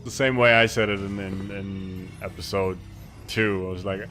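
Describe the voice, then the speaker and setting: Man, low voice, casual livestream chatter, self-mocking, rambling, faint music under him. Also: fairly even intonation, moderate pace, fairly bright tone. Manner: rambling, self-mocking, reads chat aloud. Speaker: streamer. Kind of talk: casual livestream chat while gaming.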